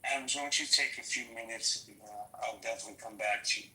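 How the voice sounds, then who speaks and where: A man hosting a panel talk, gently steering it and handing the floor to guests. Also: mid-range voice, quick pace, roomy sound. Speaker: host.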